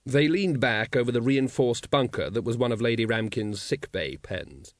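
A man narrating a novel in a wry, expressive storytelling manner. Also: mid-range voice, normal speed, no echo, clean studio sound. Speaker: audiobook narrator. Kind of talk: scripted narration.

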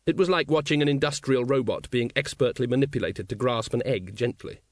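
A man narrating a novel in a wry, expressive storytelling manner. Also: mid-range voice, brisk, dry recording, clean studio sound. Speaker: audiobook narrator. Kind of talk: scripted narration.

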